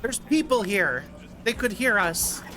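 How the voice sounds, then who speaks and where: A man's voice: high voice, big pitch swings, a little slow, over music. A man streaming a game, chatting casually with viewers in a rambling, jokey way. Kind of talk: casual gameplay commentary.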